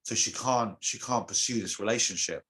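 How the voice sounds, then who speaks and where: Low-voiced man telling an old myth. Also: poor audio. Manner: animated storyteller, halting with restarts. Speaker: guest, shamanic teacher.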